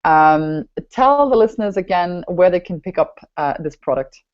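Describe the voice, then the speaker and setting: Woman host, fairly low voice, emphatic and animated, dull lo-fi sound. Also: moderate pace. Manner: animated, emphatic, repeats herself. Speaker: podcast host. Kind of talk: enthusiastic interview chat. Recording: dull lo-fi audio.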